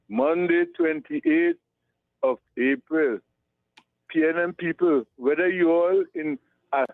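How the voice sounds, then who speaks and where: Trinidad guy on a phone line, gravelly, rambling shout outs, tinny sound. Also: fairly high pitch, no room sound. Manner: rambling, affectionate, repeats words. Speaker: radio caller.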